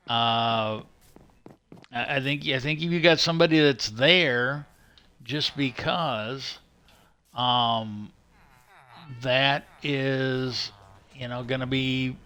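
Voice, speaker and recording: A man hosting a livestream, talking in a casual, halting way, often restarting his sentences and swearing offhand. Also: medium pitch, pushed and bright, smooth. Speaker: livestream host. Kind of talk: casual rambling commentary.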